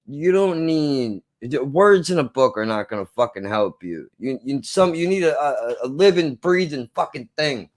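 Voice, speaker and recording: A man's voice: mid-range voice, big pitch swings, normal speed, hardly any pauses. A man co-hosting a casual film review, talking in an earnest, impassioned way and swearing for emphasis.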